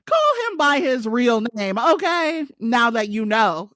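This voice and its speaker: A woman's voice: fairly high pitch, big pitch swings, slow, a bit bright, no room sound. A woman guest on a podcast, chatting casually with dry comic asides and frequent laughter. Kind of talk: casual chat.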